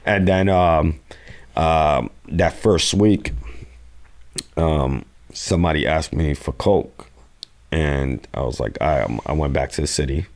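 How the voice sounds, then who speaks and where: A young man from New York City telling stories as a podcast guest, profane and animated, acting out quotes. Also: very deep voice, takes it slowly. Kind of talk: casual storytelling interview.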